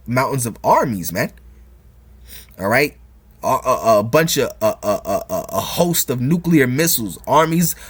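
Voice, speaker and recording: A man delivers informal religious commentary in a middle-pitched voice, reading passages aloud and then preaching over them. He talks emphatically, repeats key phrases, and keeps checking in with "all right?" and "man", with frequent chuckles. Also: fairly bright tone.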